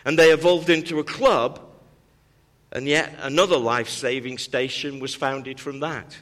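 A man's voice: medium pitch, steady tone, moderate pace, a bit bright, big-room sound. A man preaching a sermon as pastor, with an emphatic, repetitive cadence that builds through rising calls.

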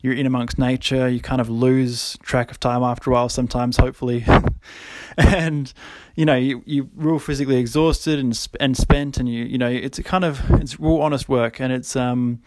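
A man's voice: mid-range voice, little pitch movement, normal speed, a little mellow, dry recording. A young man hosting a podcast, talking casually with many fillers and frequent laughs. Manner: rambling, lots of fillers, laughs often. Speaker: podcast host.

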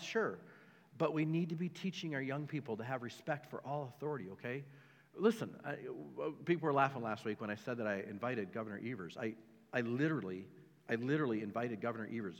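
A man preaching a sermon as a pastor, emphatic and repetitive, with joking asides to the congregation. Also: mid-range voice. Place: church sanctuary. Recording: long hall reverb.

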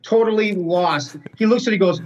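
A man in casual chat, telling an animated story about a trip. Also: high voice, brisk. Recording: dull lo-fi sound.

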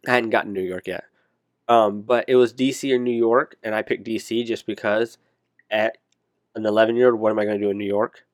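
A man's voice: lowish voice, fairly even intonation, fairly quick, no echo, clean studio sound. A man chatting casually about places he'd like to travel, rambling and correcting himself as he goes. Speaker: conversation partner. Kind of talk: casual chat.

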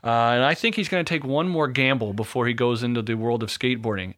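A man's voice: mid-range voice, quick pace, a bit bright. A man in his thirties co-hosting a podcast, jokey and rambling in casual chat. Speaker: podcast co-host.

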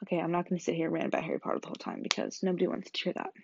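A young woman rambling casually in a vlog, excitable and swearing freely. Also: lowish voice, very fast, gravelly, lo-fi sound, slight background noise. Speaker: vlogger. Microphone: earbud headset mic.

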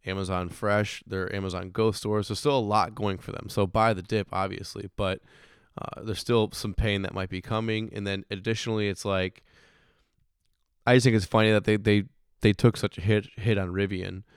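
A hoarse man in his thirties talks casually about stocks, rambling and restarting his sentences, with the odd curse thrown in. His voice sits fairly low and sounds smooth under the strain. The recording is close and dry. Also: level tone, normal speed, dry recording. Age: 30s. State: hoarse, recovering voice. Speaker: podcast host. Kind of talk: casual finance chat.

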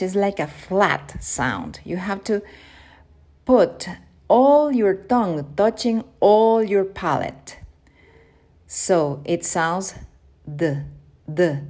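Woman teacher, low register, unhurried, repeats words for learners. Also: darkish tone. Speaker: Spanish teacher. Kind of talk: pronunciation lesson.

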